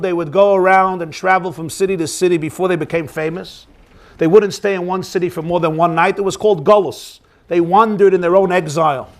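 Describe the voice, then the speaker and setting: A rabbi telling a story in a lively, animated way, as if giving a sermon. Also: male voice, high voice.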